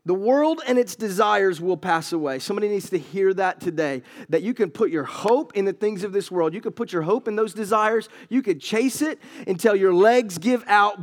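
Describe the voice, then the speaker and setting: A male pastor preaching a sermon, moving from relaxed storytelling to emphatic, raised preaching. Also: high voice, moderate pace. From United States.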